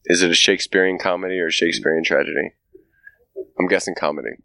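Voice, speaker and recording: A man's voice: low voice, steady tone, quick pace, creaky, sharp tone, dry recording. A man hosting a podcast, talking in a profane, ranting casual chat. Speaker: podcast host.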